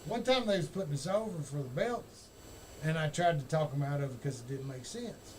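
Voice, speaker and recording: A man's voice: a little high, a little fast, slight background noise, poor audio. Profane man telling wrestling stories. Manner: profane, animated storyteller. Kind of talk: casual storytelling chat.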